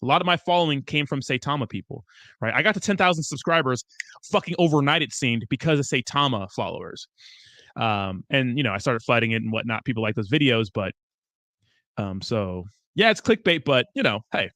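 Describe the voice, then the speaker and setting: A man's voice: medium pitch, expressive, fairly quick, fairly bright tone, dry recording, studio quality. A young man hosting a crypto livestream, chatting casually, reading viewer comments and rambling with lots of swearing. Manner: profane, rambling, loose and chummy.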